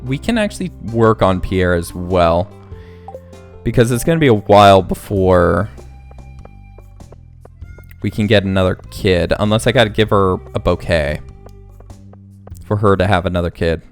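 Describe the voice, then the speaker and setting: Low-voiced man rambling over game music. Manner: rambling, thinks aloud with restarts. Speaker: gaming channel host. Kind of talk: casual let's play commentary.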